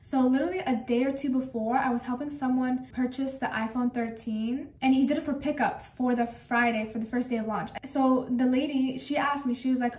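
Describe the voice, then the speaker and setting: A young woman chats quickly and with animation, venting about her old job. Her voice sits a little high and sounds as if it comes from a few feet away. The room around her rings with echo. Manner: animated, exasperated retelling of work stories. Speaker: vlogger. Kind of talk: casual storytelling. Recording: echoey room, mic at a distance.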